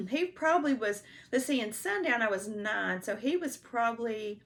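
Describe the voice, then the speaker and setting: A woman in her fifties tells her life story in an unscripted, homespun monologue, rambling loosely with lots of "you know" and stumbling restarts. She pauses between stories to check her written notes. Her slightly high voice is expressive and a bit bright, at normal speed.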